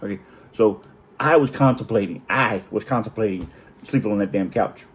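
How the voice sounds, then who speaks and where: A middle-aged man telling a comic personal story in a profane, animated way, acting out the quotes in different voices. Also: lowish voice, moderate pace. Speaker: storytelling vlogger.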